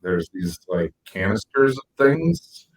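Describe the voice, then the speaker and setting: A man with a low, husky voice tells stories on a podcast. He is animated and acts out what people said, his voice leaping high for the quoted bits. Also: takes it slowly, poor audio. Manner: animated storyteller, acts out quotes with big pitch jumps. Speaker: podcast co-host. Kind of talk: casual storytelling chat.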